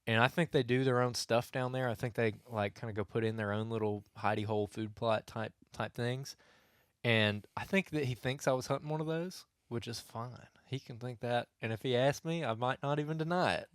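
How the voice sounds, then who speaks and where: A man's voice: medium pitch, brisk, clean tone, no room sound, clean studio sound. A young man, co-hosting a casual podcast and telling a long story full of restarts and asides. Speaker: podcast co-host. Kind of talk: casual hunting podcast chat.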